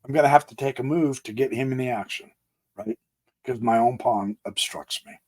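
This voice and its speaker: A man hosting his chess channel who talks through a game on a board, thinking aloud in a folksy way with homey exclamations and swinging between quiet asides and emphatic bursts. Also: mid-range voice, normal speed. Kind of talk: casual game walkthrough on a physical board.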